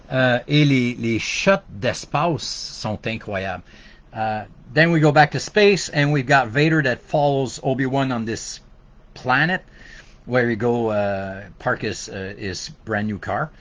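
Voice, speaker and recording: A man with a Québécois French accent, hosting a casual podcast and talking loosely with many fillers and restarts. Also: medium pitch. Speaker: podcast host. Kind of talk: casual bilingual podcast chat.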